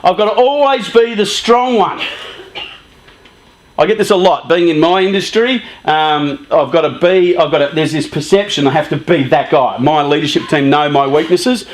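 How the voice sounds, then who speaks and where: A slightly high-pitched man in his fifties speaks at a moderate pace, delivering a jokey, conversational talk for a youth charity to a live group of young people and regularly asking them questions.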